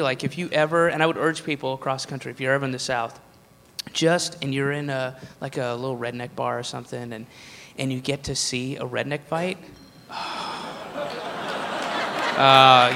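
A man performs stand-up, his talk loose and full of swearing. His voice sits high and bright. The sound carries the long echo of a hall with a faint hiss underneath. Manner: profane, rambling, swings into loud put-on drawls. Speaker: stand-up comedian. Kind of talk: stand-up routine.

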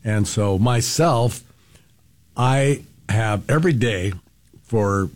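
A man, a restaurant owner, talking as a guest on a radio show in a relaxed, explanatory way. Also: on the low side, slow pace. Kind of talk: casual radio interview.

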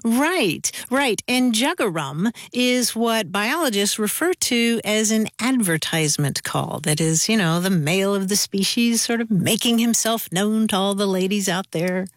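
A woman's voice: mid-range voice, animated, a little slow, hardly any pauses, no echo, studio quality. Conversational female radio co-host. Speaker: co-host of a language call-in show. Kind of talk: radio call-in chat.

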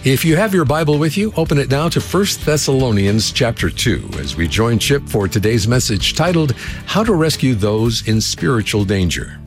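A man's voice: mid-range voice, lively intonation, normal speed. Male announcer over guitar music. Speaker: radio program announcer. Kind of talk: scripted program introduction. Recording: guitar music bed underneath.

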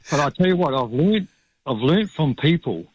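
A man with a New Zealand accent calling in to talkback radio, speaking haltingly with many ums. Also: fairly high pitch, big pitch swings, a little mellow, breathy edge, dry recording. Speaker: caller. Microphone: phone line. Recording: dull phone line.

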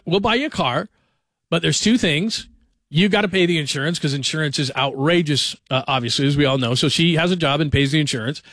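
Slightly bright and pitched on the high side, this man's voice carries no echo. He's in his forties, hosting sports radio and telling jokey stories in a loose, conversational monologue.

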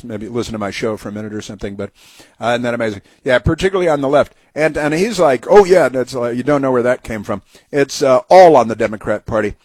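A man's voice: medium pitch, husky, no room sound. A man hosting a talk radio show, delivering sarcastic, mocking commentary that rambles with many fillers and restarts.

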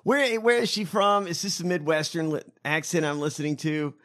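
A man's voice: fairly high pitch, lively intonation, normal speed, a bit bright. A man hosting a podcast, ranting with profanity and disbelief as he reacts to clips. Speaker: podcast host. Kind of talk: casual commentary on clips.

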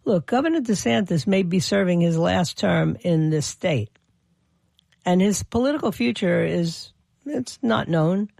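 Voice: mid-range voice, expressive, measured pace, vocal fry, darkish tone, dry recording. A political commentator delivering an opinion monologue, often stammering and restarting phrases, with indignant emphasis.

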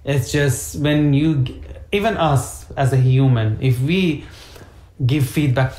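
A woman's voice: very deep voice, slow, mellow. A woman hosting a casual parenting chat, explaining her points with examples and acted-out quotes. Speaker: podcast host. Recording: echoey room.

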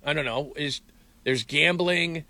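A middle-aged man hosting casual sports talk, animated and incredulous, rambling with restarts. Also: a little high, a little slow, no echo.

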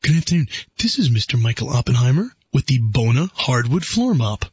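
A man voicing a robotic, relentless male phone salesman who recites a scripted sales pitch and ignores every reply. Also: sing-song, fairly quick, a little mellow, breathy edge, no room sound, lo-fi sound. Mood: droning salesman. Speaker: prank caller.

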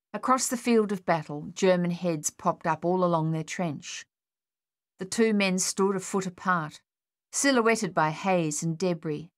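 An audiobook is narrated by a woman whose fairly low voice stays measured and even as she tells the story. It's a dry, studio-quality recording.

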